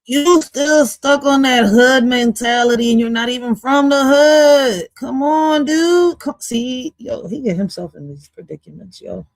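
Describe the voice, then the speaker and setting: Higher-pitched woman, dry close sound; blunt, scolding reaction commentator. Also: unhurried, hardly any pauses, dry recording. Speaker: reaction stream host.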